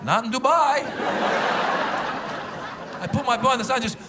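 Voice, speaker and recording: A middle-aged man performing a stand-up comedy set before a live audience, telling animated stories and slipping into character voices. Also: extremely high pitch, normal speed. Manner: animated storytelling, switching into accented character voices. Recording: loud crowd and noise from a live show.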